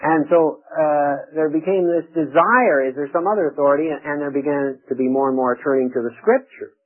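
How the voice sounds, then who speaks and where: A man's voice: on the high side, fairly quick, narrow, tinny audio. A man giving a conversational Bible lecture on church history, asking rhetorical questions and often restarting his sentences. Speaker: Bible teacher.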